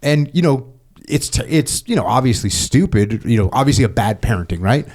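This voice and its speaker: A man's voice: mid-range voice, animated, a little fast, a little mellow. A middle-aged man hosting a podcast, talking casually and rambling, acting out quoted dialogue as he goes. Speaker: podcast host. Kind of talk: casual conversation.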